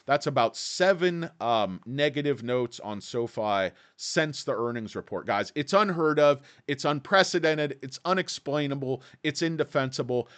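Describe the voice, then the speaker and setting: Man, stock vlog host, angry crude ranter, very animated delivery. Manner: angry ranting, crude insults, lively pitch swings. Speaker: stock market vlogger host. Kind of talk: ranting market commentary. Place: Los Angeles.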